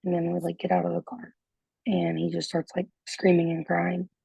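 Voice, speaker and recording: Husky, gravelly mother on a dull call. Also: on the low side, monotone, normal speed, dark tone, dry recording. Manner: hesitant, rambling, many fillers. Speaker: parent in coaching group. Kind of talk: casual account on a group call. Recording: dull, dry lo-fi call audio.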